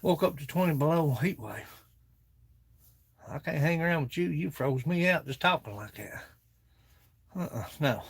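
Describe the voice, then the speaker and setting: A man's voice: on the high side, a little slow, long pauses, husky. Folksy man tidying his shop. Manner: folksy, joking, talks to viewers and objects. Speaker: woodworking vlogger. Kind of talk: casual chat while tidying a workshop. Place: cluttered home workshop.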